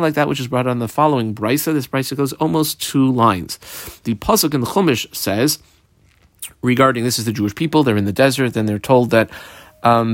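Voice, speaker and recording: A man's voice: medium pitch, fairly bright tone, no room sound. A man teaching a Talmud page in a casual, explaining way, translating Hebrew and Aramaic terms into plain English as he goes.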